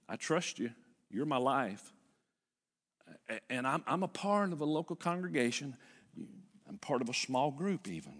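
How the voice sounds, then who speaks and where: An older man preaching a sermon as pastor, retelling a story with lively repetition. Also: mid-range voice, big-room sound. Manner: animated storytelling with repeated phrases. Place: church.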